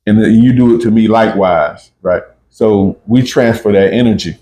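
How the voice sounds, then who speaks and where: A man with a low voice hosts a casual spiritual talk. He speaks emphatically and keeps checking in with "right?" and "you see?". The room around him is echoey. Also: normal speed, mellow, a little hiss or hum. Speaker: podcast host.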